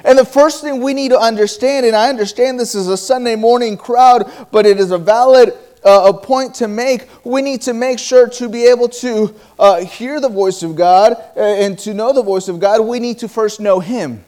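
High-voiced man preaching a sermon. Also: dark tone. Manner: storytelling with quoted dialogue and halting restarts.

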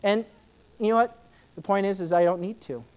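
A woman preaching a sermon in a conversational way, with many fillers, who acts out Bible scenes with sudden loud, high outbursts. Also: brisk. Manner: dramatic, acting out Bible scenes in shifting voices.

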